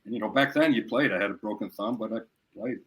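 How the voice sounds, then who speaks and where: A man's voice: lowish voice, fast talker, a bit bright. A man from Chicago, a former baseball manager, tells stories in a plainspoken, matter-of-fact way as a podcast guest. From Chicago, USA. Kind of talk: casual storytelling interview.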